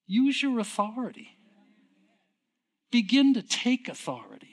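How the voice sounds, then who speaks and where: Preaching at a measured pace, a very animated middle-aged man keeps his sermon conversational by putting questions to the congregation. His delivery moves from hushed, low stretches to loud, emphatic peaks.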